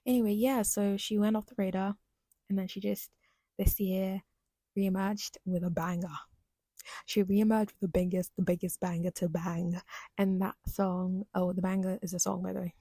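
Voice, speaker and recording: A woman's voice: medium pitch, flat delivery, normal speed, warm tone, no echo. A young woman hosting a solo podcast, talking in a rambling, chatty, self-deprecating way. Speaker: podcast host. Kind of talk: casual solo podcast monologue.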